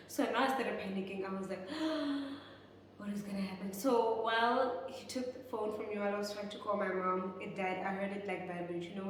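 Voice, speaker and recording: A woman's voice: medium pitch, a little hiss or hum. A young South African woman telling a storytime vlog, chatty and talking straight to her viewers. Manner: chatty, keeps addressing viewers as "guys". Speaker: vlogger. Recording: echoey room, far from mic.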